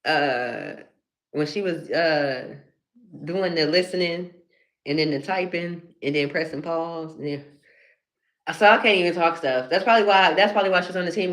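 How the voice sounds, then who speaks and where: A woman's voice: on the low side, moderate pace. A woman chatting casually on a phone live stream, laughing often and calling her viewers honey. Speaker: comedian hosting a live stream.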